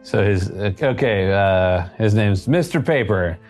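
Slow, hesitant man playing a tabletop game. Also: lowish voice, animated, a little mellow, soft background music. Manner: hesitant, halting, with many fillers. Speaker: player.

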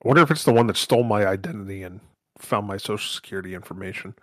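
A man co-hosts a casual podcast with a laid-back, blunt delivery and the odd curse. His voice sits a bit low. The recording is dry, with little room sound. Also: rapid-fire, fairly bright tone, dry recording. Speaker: podcast co-host. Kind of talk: casual chat.

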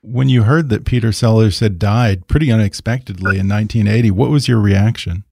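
A man interviewing a guest, asking measured, attentive questions. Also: lowish voice, vocal fry, darkish tone, no room sound.

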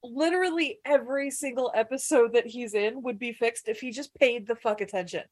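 Brief: woman co-host, bright higher voice, blunt and sweary. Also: fairly quick. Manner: blunt, swears freely, laughs along. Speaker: podcast co-host. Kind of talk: casual chat.

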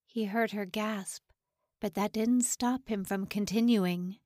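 Slow, measured woman reading a story. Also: mid-range voice, steady tone, mellow, dry recording, studio quality. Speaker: audiobook narrator. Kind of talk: scripted narration.

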